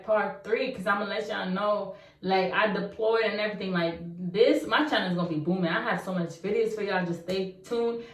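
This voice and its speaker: A young woman vlogger telling a personal story to her viewers in a casual, slangy, animated way. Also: medium pitch. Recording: roomy echo, mic at a distance.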